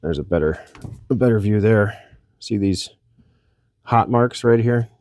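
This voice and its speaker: A man's voice: fairly low pitch, a little slow, darkish tone. Chatty self-mocking man in a workshop. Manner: rambling, self-deprecating, chuckles often. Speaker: channel host repairing a chainsaw. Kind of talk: casual workshop narration.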